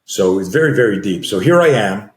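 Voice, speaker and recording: A very deep-voiced man in his sixties tells a story as a podcast guest, acting out the dialogue with lively energy and often restarting his sentences. His voice carries a roomy echo. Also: a little fast. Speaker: guest, self-defense and fear management coach.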